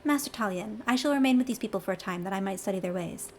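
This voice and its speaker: A woman's voice: mid-range voice, fast, a little mellow, a little hiss or hum, natural voice. A woman voicing a dignified female ninja from afar, with stately, old-fashioned formal speech, reading game dialogue aloud. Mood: earnest formal.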